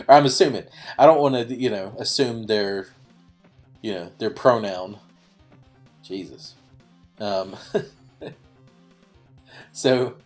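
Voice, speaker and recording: A man with a mid-range, slightly mellow voice hosts a YouTube gaming channel, telling a rambling, self-mocking story over gameplay. He's chatty and leans constantly on "you know" fillers.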